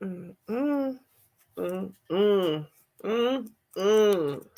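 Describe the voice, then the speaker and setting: A woman, talking emotionally as a commentary vlogger, trailing off and restarting as her voice swings between quiet and loud. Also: medium pitch, animated, drawn-out words.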